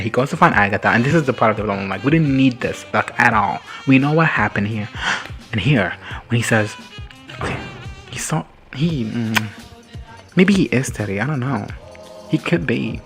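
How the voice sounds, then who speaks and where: Man, mid-pitched voice, casual reaction commentary, rambling, profane, laughing, faint music underneath. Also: animated, normal speed, a bit bright. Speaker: recap and reaction host.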